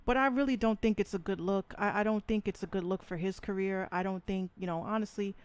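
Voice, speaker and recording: A woman's voice: mid-range voice, fairly even intonation, brisk, clear, resonant tone, dry recording. Woman podcast host, brash and profane, hammers her points home; dry, close mic. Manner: blunt, profane, emphatic, repeats points. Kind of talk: opinionated live podcast rant.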